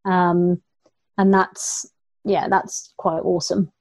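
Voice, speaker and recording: A woman's voice: fairly low pitch, level tone, takes it slowly, darkish tone, no echo. A young adult woman, a long-distance runner, chatting casually in an interview, laughing often and quoting herself. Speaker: ultrarunner guest.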